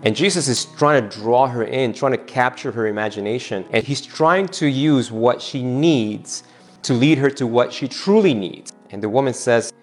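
A man's voice: mid-range voice, moderate pace, soft background music. A man preaching a sermon, retelling a scripture scene in a storytelling way and voicing the people in it. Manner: retells the scripture scene, acting out both speakers' lines. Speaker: pastor.

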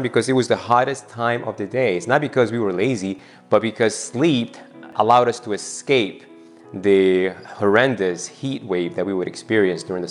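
A male pastor with a fairly low voice tells a scripture story during his sermon. He slips into the voices of the people in the scene as he retells it. Soft guitar music plays faintly behind him. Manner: retells the scripture scene, acting out both speakers' lines.

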